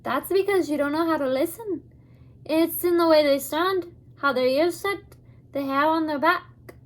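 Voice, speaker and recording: A woman reading aloud voices an old Scottish man, a friendly wagon driver, in a put-on Scottish accent with loud, emphatic delivery. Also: high-pitched, moderate pace, voice pushed up, close to an everyday voice. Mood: knowing.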